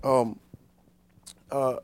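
A male preacher giving a conversational sermon, talking directly to his congregation and swinging between quiet, low asides and loud emphasis. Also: level tone, extremely slow, no room sound.

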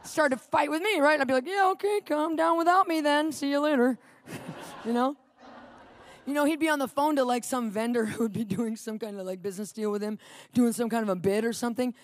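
A middle-aged woman preaching and telling a lively personal story, acting out the people in it. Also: fairly high pitch, quick pace, a little hiss or hum. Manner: animated storytelling, acting out quotes.

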